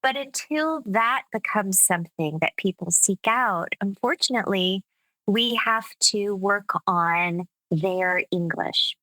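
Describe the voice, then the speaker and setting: An American woman, a speech coach, explaining her work in a measured, patient interview manner. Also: medium pitch, sharp tone, no echo, poor audio. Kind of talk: interview conversation.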